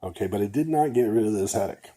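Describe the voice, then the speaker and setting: Husky, low-voiced older man vlogging. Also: lively intonation, fast talker, mellow. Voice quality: a little nasal. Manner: rambling, keeps checking in with "okay?". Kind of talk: casual talk to camera.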